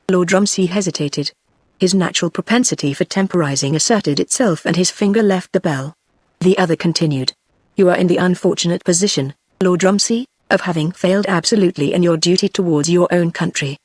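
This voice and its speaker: A woman's voice: fairly low pitch, a little mellow, no echo. British woman reading a novel aloud, dry. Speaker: narrator. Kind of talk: text-to-speech audiobook reading.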